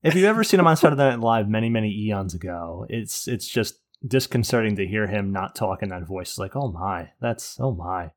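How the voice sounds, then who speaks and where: A man's voice: lowish voice, lively intonation, a little fast, hardly any pauses. A man hosting a casual gaming podcast, crude and sardonic, swearing often. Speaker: podcast host.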